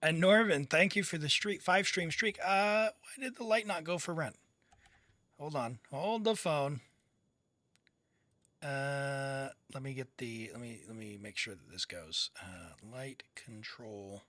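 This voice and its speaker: A man's voice: medium pitch, a little slow, sharp tone, dry recording. A young man streaming live, reviewing a viewer's game account in a mock-stern, exasperated way and laughing often.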